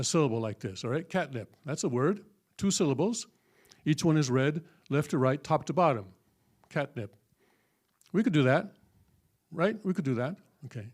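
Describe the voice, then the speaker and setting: A man teaching a classroom lesson in a folksy, halting way, often checking with the room. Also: fairly high pitch, a little mellow. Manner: folksy, full of fillers and checking "okay?". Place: church hall.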